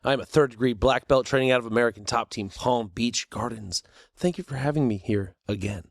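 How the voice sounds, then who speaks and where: A man's voice: mid-range voice, a little fast, creaky, no room sound, clean studio sound. A man co-hosting a podcast, tossing in playful quips during casual chat. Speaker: podcast co-host.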